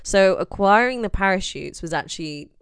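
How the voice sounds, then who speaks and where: A woman's voice: medium pitch, expressive, moderate pace, smooth, no room sound, studio quality. A young woman co-hosting a podcast, chatting casually about a true crime case and laughing often. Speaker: podcast co-host.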